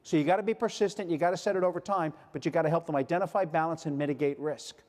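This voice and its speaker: A man's voice: a little high, racing, darkish tone. Older man giving a hall keynote. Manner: storytelling, acts out quoted voices. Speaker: keynote speaker. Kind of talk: motivational speech. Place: large hall with audience. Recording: long hall reverb.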